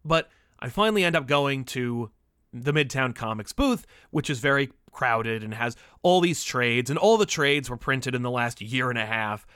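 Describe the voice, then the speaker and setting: A man's voice: mid-range voice, expressive, normal speed, a bit bright, clear, resonant tone, no echo, studio quality. A man hosting a podcast about comics, talking in a chatty, opinionated, easygoing way. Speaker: podcast host. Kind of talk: casual commentary.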